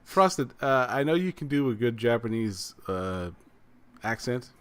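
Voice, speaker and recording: A man in relaxed podcast chat, hesitant and full of fillers. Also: medium pitch, a little slow, clear, resonant tone. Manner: laid-back, hesitant with fillers. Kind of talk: casual chat.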